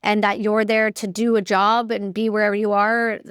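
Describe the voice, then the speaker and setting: A woman's voice: mid-range voice, level tone, normal speed, clear, resonant tone, no room sound, clean studio sound. A woman, a guest telling her story in a candid, chatty way with casual fillers. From Canada. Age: 30s. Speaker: guest, military veteran.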